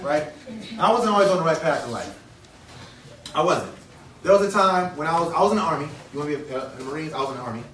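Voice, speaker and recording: In an echoey conference hall, a man in his thirties with a high, slightly bright voice gives kids an earnest motivational talk. He repeats key phrases and quizzes the audience, picked up by a distant mic with faint ambience and slight background noise.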